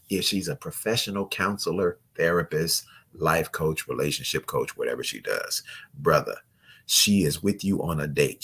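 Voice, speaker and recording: Male dating coach host, husky and expressive, preachy with jokes. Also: lowish voice. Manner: animated, preachy, joking. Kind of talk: live chat show.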